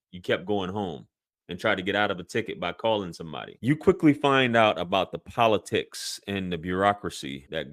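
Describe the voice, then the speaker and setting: A man hosting a commentary video, talking in an emphatic, indignant way. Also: low voice. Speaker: host.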